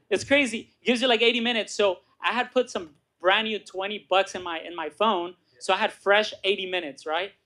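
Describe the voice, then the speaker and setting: Before a live audience in a meeting room, a middle-aged man speaks as a guest, sharing his story in a motivational talk. His voice is high, and he brings the people in it to life with lively impressions, repeatedly asking "right?"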